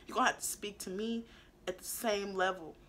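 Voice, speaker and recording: A young woman telling a casual storytime, animated and blunt with plenty of swearing, dropping into low asides and rising into loud outbursts. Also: brisk, a little hiss or hum. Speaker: beauty vlogger telling a story.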